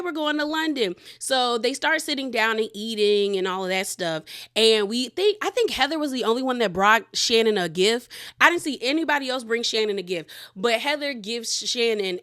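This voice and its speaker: Woman, chatty gossip recap, slightly high voice, animated retelling. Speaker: reality TV recap reviewer. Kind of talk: casual recap commentary.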